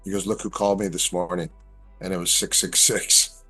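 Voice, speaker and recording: Low-voiced man telling strange stories. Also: normal speed, slightly rough, faint music behind. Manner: animated storyteller, acts out quoted lines. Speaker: guest. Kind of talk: casual storytelling chat.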